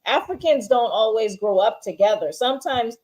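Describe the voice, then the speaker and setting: A woman's voice: a little high, expressive, normal speed, a little mellow, poor audio. A woman co-hosting a casual TV episode review, firmly explaining her view and pushing back on her co-host. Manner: firm, explains and pushes back. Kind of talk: casual chat.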